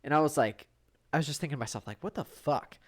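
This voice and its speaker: A man's voice: on the high side, fast talker. A man co-hosting a casual podcast chat, telling stories with lots of swearing and laughter. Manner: profane, laughing storyteller who mimics others. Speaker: podcast co-host.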